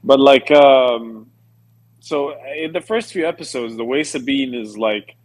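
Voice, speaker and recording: Relaxed man on a podcast. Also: medium pitch, measured pace. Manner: relaxed, musing, uses British slang. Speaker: podcast co-host. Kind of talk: casual chat.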